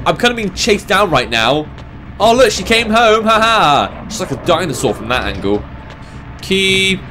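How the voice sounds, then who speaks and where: Young man, sarcastic gaming commentary, lively voice, slightly high. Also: slight background noise. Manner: sarcastic, swearing, talks to the game. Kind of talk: casual let's-play commentary.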